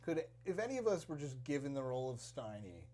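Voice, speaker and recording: A man's voice: medium pitch, very animated, fast, crowd noise. A young man co-hosting a casual podcast, joking loosely and swearing often. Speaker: podcast co-host. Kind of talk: casual chat.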